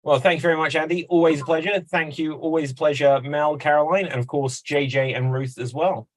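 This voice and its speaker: Brisk, teasing man hosting on a video call. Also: on the high side, steady tone. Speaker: host. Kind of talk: hosting an online improv game.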